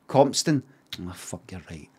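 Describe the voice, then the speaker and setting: A man's voice: low voice, animated, measured pace, a little mellow, husky. Sweary Scottish man ranting on stream. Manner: sweary, rambling, sarcastic asides. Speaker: live streamer. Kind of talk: casual live-stream reaction chat.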